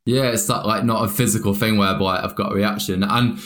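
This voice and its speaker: A low-pitched man leads a casual interview. He talks loosely and leans on fillers as he works his way through his questions. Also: a little fast. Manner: relaxed, filler-heavy speech with lots of "like".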